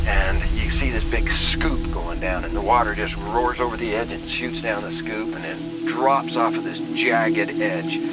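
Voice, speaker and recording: A man's voice: lowish voice, poor audio. Folksy middle-aged man spinning a yarn. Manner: folksy, acts out quoted lines. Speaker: caver recounting an expedition. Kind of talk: documentary interview storytelling. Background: music bed.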